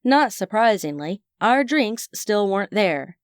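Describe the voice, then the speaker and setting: A woman's voice: medium pitch, expressive, measured pace, few pauses, clean tone, no room sound, studio quality. A woman narrating a first-person audiobook in a wry, chatty manner.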